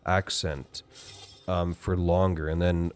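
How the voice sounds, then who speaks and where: A man's voice: sits low, little pitch movement, slow pace. A man with a Western Canadian accent giving casual, folksy commentary while streaming a game, chatting and laughing between remarks. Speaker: gaming streamer.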